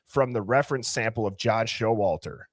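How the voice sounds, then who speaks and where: A man's voice: lowish voice, moderate pace, no echo, clean studio sound. A man hosting a live call-in stream, chatting casually and joking with callers, laughing often. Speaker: host of a live call-in show.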